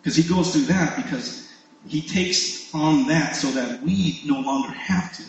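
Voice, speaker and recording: A man's voice: a little high, measured pace, vocal fry, very echoey, poor audio. A man preaching a sermon in a casual, conversational way, often asking his listeners "right?" and repeating words as he goes. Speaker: pastor.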